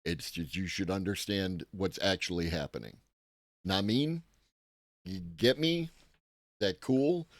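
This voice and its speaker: Brief: man hosting a morning tech-news stream, unhurried and offhand, slightly low-pitched. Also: lively intonation, dry recording, studio quality. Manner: casual, rambling, profane, greets chat viewers. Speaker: live-stream host.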